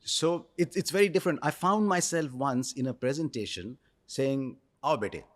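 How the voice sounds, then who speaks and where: Articulate Indian broadcaster, dry studio sound. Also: male voice, a little high, dry recording. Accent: Indian English. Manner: articulate storyteller, measured pauses. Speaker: cricket commentator, interview guest. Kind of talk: reflective podcast interview.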